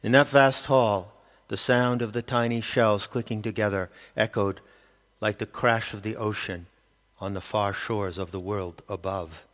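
A man narrating an audiobook in a steady, measured storytelling manner. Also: fairly low pitch. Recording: long hall reverb.

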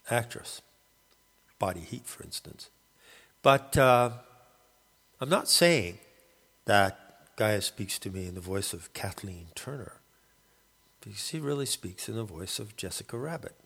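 A man calling himself a shaman, rambling through a halting spoken monologue and often searching for the right word. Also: on the low side, vocal fry, a bit bright, husky, long reverb tail. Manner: halting, searching for words, many restarts. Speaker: self-described shaman.

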